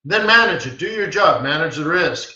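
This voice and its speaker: This forex market strategist runs a live webinar in a bright, forceful voice pitched a little high, expressive and at normal speed. His teaching is blunt and emphatic, built on short commands said again and again. The recording comes through a roomy, distant, dull-sounding mic.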